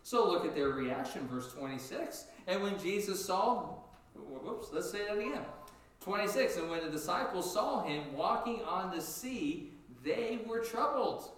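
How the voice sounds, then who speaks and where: A man preaching a sermon in a lively, animated way, jumping up in pitch as he acts out what people said. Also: a little slow. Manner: animated, acts out quotes with sudden high pitch jumps. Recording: echoey room, distant from mic.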